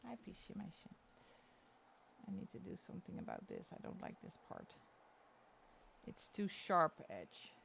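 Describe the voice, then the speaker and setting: A woman's voice: huge pitch swings, moderate pace, creaky, a bit bright, a little hiss or hum. A woman chatting casually on a stream from home while she colors, laughing often. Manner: talks in a high coaxing baby voice to her dog.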